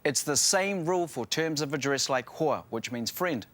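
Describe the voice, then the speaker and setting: Animated, playful New Zealand man presenting. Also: fairly high pitch, moderate pace, no echo. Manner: playful, joking. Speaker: language show co-host. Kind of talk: lively language lesson presenting.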